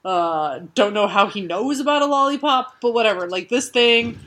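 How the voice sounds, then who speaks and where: A woman's voice: a little high, expressive, normal speed, a bit bright. A woman co-hosting a podcast in casual comic chat, sarcastic and profane, laughing often. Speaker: podcast co-host.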